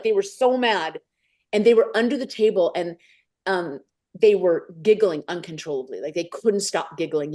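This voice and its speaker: Guest storyteller, woman, lively delivery, somewhat low voice, acts out quoted voices. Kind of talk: storytelling in a podcast interview.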